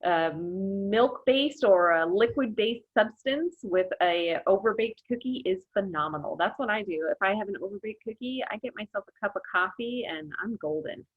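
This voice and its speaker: A woman guest baker chatting casually on a podcast, upbeat and quick to laugh. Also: medium pitch, animated, dry recording. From Arizona, USA. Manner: bubbly, laughs often. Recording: dull lo-fi sound.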